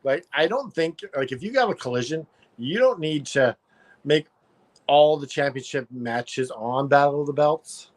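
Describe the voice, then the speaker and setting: A man's voice: fairly high pitch, lively intonation, normal speed. A man co-hosting a casual podcast chat, joking and self-mocking. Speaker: podcast co-host.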